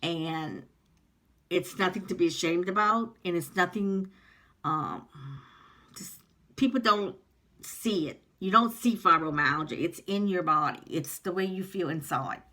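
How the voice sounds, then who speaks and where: A woman talks earnestly to her viewers in a personal vlog, rambling and heartfelt, with many pauses and ums. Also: lowish voice, bright, forceful tone. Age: 50s. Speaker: vlogger. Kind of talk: personal vlog talking to camera.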